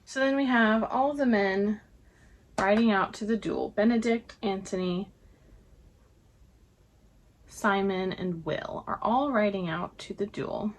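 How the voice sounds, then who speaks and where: A woman's voice: mid-range voice, takes it slowly, pauses often, slight background noise. Brief: young woman vlogger, conversational episode recap, chatty storytelling. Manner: chatty retelling with frequent "like".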